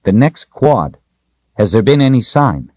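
A man's voice: medium pitch, sing-song, a little slow, a little mellow, no echo, muffled recording, pitched above the performer's own voice. A man doing an earnest young woodsman.

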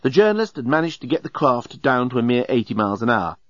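Male audiobook narrator, wry, animated, dry room, dull lo-fi sound. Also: medium pitch, fast talker, no echo.

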